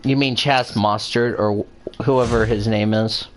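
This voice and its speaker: A man's voice: fairly low pitch, fairly even intonation, a little slow, slight background noise. A man hosting a casual show, chatting while he plays a game, rambling and swearing freely at it. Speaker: show host. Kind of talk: casual chat while gaming.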